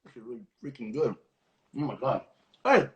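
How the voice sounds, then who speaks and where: A man hosting a casual livestream cooking class, talking in a goofy, playful way with mock-rough slang. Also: medium pitch, sing-song, moderate pace, muffled recording.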